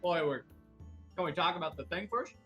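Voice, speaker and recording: A man's voice: on the high side, fairly quick, bright, forceful tone, breathy edge, faint music behind. A man playing in a tabletop game, talking in a scheming, upbeat way. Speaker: player. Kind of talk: tabletop role-play.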